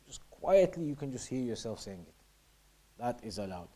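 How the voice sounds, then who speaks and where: This man gives a religious lesson on Islamic law in a sing-song, mid-range voice with a dark tone, speaking at normal speed. Reading passages and explaining them in English, he frequently repeats points and sometimes slips into a near-whisper to show the way something is said.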